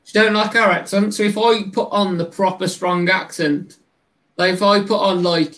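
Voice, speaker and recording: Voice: mid-range voice, fairly even intonation, moderate pace, fairly bright tone. A speaker with a West Midlands accent telling stories in loose, casual chat and sometimes slipping into playful put-on voices. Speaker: livestream co-host.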